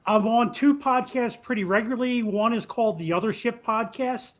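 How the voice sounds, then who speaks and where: A man's voice: very high-pitched, normal speed, a little hiss or hum. A man as an interview guest, easygoing and joking in casual chat.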